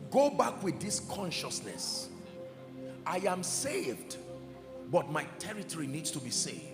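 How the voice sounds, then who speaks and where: High gravelly preacher guy going loud then quiet, big echoey church, music under him. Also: huge pitch swings, a little slow. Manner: fervent, emphatic, swings from shouting to hushed. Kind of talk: sermon. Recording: echoey hall with music behind. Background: soft music.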